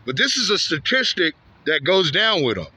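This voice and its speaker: A high-pitched, very animated voice comes from a Santa Ana, California man telling a walking-vlog story outdoors on a street at normal speed, sounding pushed, bright, and husky. He rambles and repeats himself heatedly, often tagging lines with "man" or "bro."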